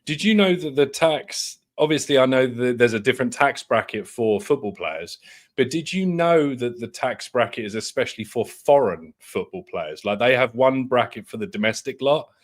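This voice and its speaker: A man's voice: medium pitch, lively intonation, moderate pace. A laid-back man co-hosts a casual live-stream football chat. He talks in an easy mid-range voice and laughs along with the host.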